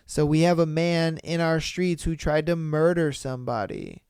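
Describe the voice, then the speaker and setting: A young adult man hosting a podcast, reading stories aloud and reacting with animated, profane exclamations on a close mic. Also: a little high, moderate pace, gravelly, clear, resonant tone, no echo. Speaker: podcast host.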